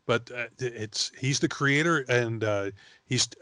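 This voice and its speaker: A man co-hosting a casual podcast, hesitant and full of fillers as he feels his way through thoughts. His voice sits at a middle pitch. The recording is dry and close. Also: a little slow, sharp tone, dry recording. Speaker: podcast co-host. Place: studio.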